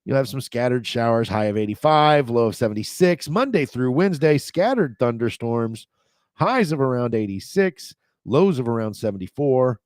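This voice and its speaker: A man's voice: mid-range voice, expressive, normal speed, darkish tone, no echo. A man hosting his own daily travel update in a casual, rambling way, with filler words and side remarks. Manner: chatty, rambling asides with fillers. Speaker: travel show host.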